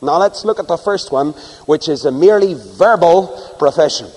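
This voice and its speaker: A man preaching a sermon to a congregation, swinging from loud emphasis to hushed asides. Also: fairly high pitch, animated, normal speed, husky, long reverb tail, low-quality recording. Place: church before a live congregation.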